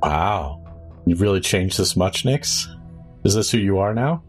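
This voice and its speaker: A man's voice: low-pitched, a little slow, soft background music. A man doing a cold captive healer woman. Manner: flat poker-faced menace, sharp shrieks when hurt. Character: cold, scheming female healer held captive.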